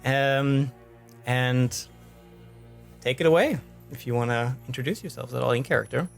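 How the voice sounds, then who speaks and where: Relaxed male game master, loose narration. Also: mid-range voice, moderate pace, vocal fry, faint music behind. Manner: relaxed and loose, with many "um" and "uh" fillers. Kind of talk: casual narration of a tabletop game.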